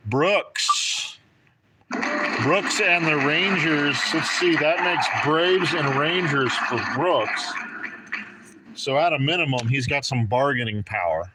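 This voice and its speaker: A man's voice: mid-range voice, expressive, measured pace, very noisy. A man hosting a live trading card break stream, chatting and joking with viewers by name as he calls out draws. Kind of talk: casual live-stream commentary.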